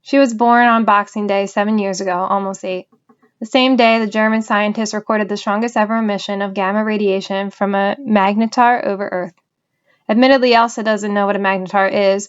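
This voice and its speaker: A woman reading a novel aloud in an even storytelling manner. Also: medium pitch, smooth, dull audio. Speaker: audiobook reader.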